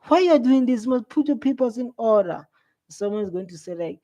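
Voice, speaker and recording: A man's voice: extremely high pitch, normal speed, warm tone, dull audio. A South African man hosting a live reaction video, exclaiming and scolding with a lot of repetition.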